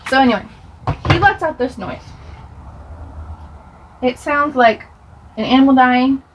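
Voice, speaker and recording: A woman's voice: sits high, measured pace, background noise. A young woman chatting through a get-ready-with-me storytime as she does her makeup, rambling with laughs and asides. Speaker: beauty vlogger.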